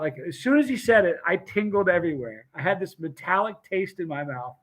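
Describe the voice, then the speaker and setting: Brief Man, somewhat higher voice, casual live-stream host, animated storyteller who acts out the people in his stories. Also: brisk, few pauses, rough recording.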